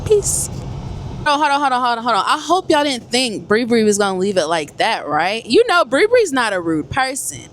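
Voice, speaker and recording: A woman truck driver chatting casually to her viewers from the cab while driving, animated and talkative. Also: on the high side, moderate pace. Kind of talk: casual vlog chat to viewers. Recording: loud road and engine noise. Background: truck road noise.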